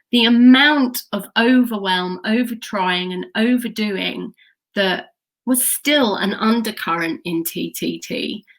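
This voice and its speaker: A woman coach teaching to camera, speaking in an encouraging way and often checking in with her listeners. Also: medium pitch. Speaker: intuition coach.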